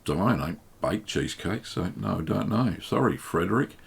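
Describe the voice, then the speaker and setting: A man hosting a live stream, reading viewers' questions aloud and answering them in a relaxed, chatty way with plenty of ums. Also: low-pitched, normal speed, gravelly, few pauses, slightly rough. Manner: relaxed and chatty, reads chat messages aloud, many um fillers. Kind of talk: casual live Q&A chat.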